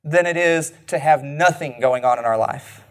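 A man preaching a sermon in an earnest way, slowing down and dropping his voice low and soft on key lines.

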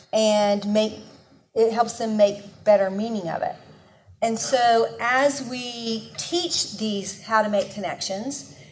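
A woman teaching a Bible lesson in an earnest, conversational way, often restarting her sentences and growing emphatic as she tells her own story. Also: mid-range voice.

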